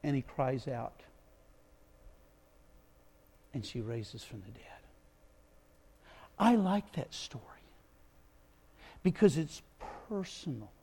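A man preaching a sermon, retelling a Bible story with dramatic swings between loud outbursts and hushed moments. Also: high voice.

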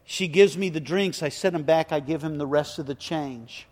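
Older male pastor with a high voice. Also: a little mellow, big-room sound. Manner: emotional, halting storyteller. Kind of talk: sermon storytelling.

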